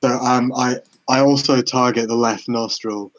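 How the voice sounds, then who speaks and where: Halting male player, dull lo-fi mic. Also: medium pitch, fairly even intonation. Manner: halting, full of ums. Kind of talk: tabletop game banter.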